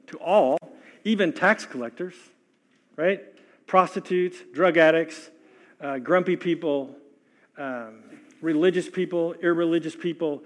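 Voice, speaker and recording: Male pastor, high voice, conversational sermon, rhetorical questions, emphatic repeats. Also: lively intonation, normal speed. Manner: emphatic repetition.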